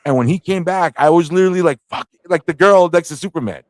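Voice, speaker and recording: A man co-hosting a casual movie review chat, excitable and laughing, acting out scenes as he talks. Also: fairly high pitch, fast talker, dry recording. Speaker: podcast co-host.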